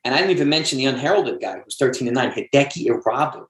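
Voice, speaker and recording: A man's voice: medium pitch, lively intonation, racing. Man in an echoey room, mid voice. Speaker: podcast guest. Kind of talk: casual sports podcast chat.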